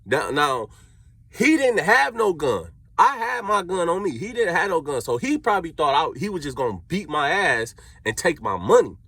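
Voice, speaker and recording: Telling a story in laid-back street slang, this young man with a Cleveland accent brings it to life by performing the quotes. His slightly high, husky voice moves at a moderate pace, with no echo in the recording.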